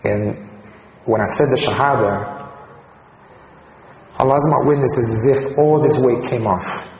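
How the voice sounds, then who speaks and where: A man's voice: medium pitch, measured pace. A man from Colombia recounts his personal story in an easygoing, conversational way, doubling back on his words now and then. His voice sits in a middle range and rings through a large, echoey hall. The sound is dull and lo-fi, with a faint hiss underneath. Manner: conversational, repeats words, chuckles softly.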